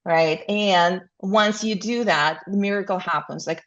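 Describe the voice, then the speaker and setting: A woman's voice: on the low side, a little slow, hardly any pauses, dull audio. A woman speaking as a coach in an interview, with frequent fillers and rhetorical questions. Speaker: burnout coach, guest. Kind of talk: interview answers.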